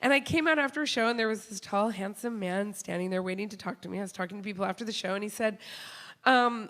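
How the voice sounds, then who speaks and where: A woman telling a funny personal story on stage to an audience. She talks in an animated way, laughs often, and acts out the people she quotes. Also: medium pitch, fast. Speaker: comedian and show host. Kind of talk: live comic storytelling to an audience.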